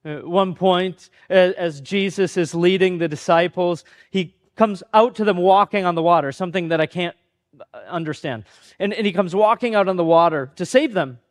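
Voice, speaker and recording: A man's voice: high-pitched, normal speed. A man preaching a sermon in a conversational, self-deprecating way, acting out the voices of the people he quotes. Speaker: pastor.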